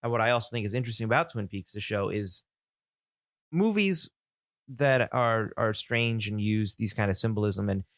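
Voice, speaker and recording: A man's voice: fairly low pitch, steady tone, fairly quick, hardly any pauses, fairly bright tone, dry recording, clean studio sound. A man co-hosting a casual film podcast, thinking aloud with restarts and easy laughter. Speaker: podcast co-host.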